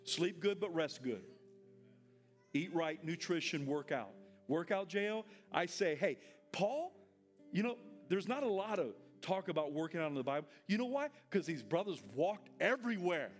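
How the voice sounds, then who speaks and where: A man preaching a sermon in church, leading the congregation in call and response and building up to shouted lines. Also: a little high, expressive, moderate pace, faint music behind. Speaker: pastor.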